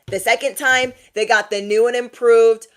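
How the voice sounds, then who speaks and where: A woman tarot reader giving a casual message to her viewers, chatty and animated, often laughing and repeating lines for emphasis. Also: fairly high pitch, normal speed. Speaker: tarot reader and motivational YouTuber.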